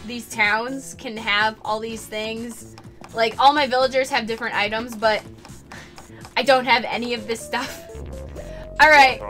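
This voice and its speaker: A woman streaming a video game in casual chat, talkative and quick to burst into excited squeals and laughter. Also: fairly high pitch.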